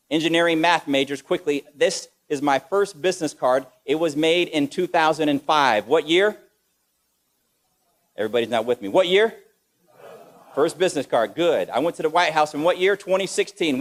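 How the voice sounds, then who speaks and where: Male motivational speaker, energetic, slightly higher voice, calls out questions to the crowd. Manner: energetic, quizzes the audience. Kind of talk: motivational lecture.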